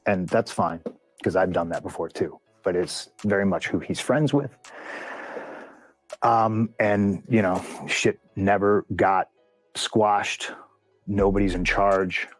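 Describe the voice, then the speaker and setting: An interview guest, a man with a low voice and slow delivery, retells a backstage clash in a blunt, profane, heated way. It's casual storytelling, recorded with no room sound and soft music in the background.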